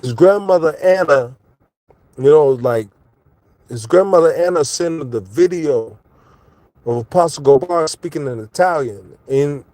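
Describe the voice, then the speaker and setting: A man's voice: on the high side, lively intonation, measured pace, a little mellow, no echo. A man telling a personal story in a casual, rambling way, full of fillers and restarts.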